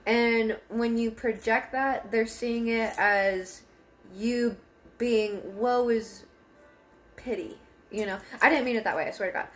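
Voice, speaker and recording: A woman's voice: a little high, fairly even intonation, measured pace. Candid young woman vlogging from her car. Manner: candid, laughs often, swears freely. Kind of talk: casual storytelling. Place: parked car.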